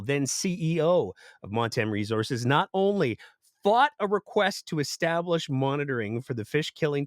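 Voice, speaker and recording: A male podcast host delivering political commentary with a sarcastic edge. His pitch swings widely as he reads news passages and then mocks them. The sound is dry and close, with no room around it. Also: no room sound.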